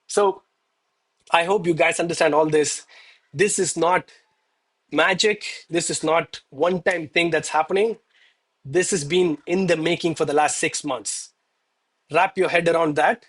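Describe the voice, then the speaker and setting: Husky, higher-voiced man preaching trading discipline. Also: unhurried, pauses often, a bit bright. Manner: emphatic, preachy, repeats "okay" and "man"; emotional, admits getting worked up. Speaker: live-streaming gold trader. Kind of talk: live trading stream talk.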